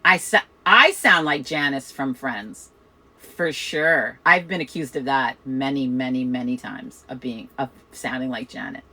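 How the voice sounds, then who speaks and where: A middle-aged woman from Chicago with a New York accent, hosting a casual chat in a loud, fast, profane way. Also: a bass voice, poor audio. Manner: loud, fast, swears a lot. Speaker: host of a witchcraft chat.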